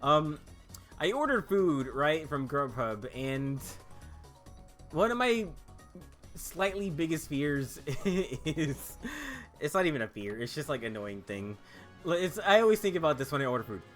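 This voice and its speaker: Bright-voiced man telling a story over gameplay. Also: a little high, unhurried, faint music behind. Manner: animated, swears freely, laughs often. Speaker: gaming video host.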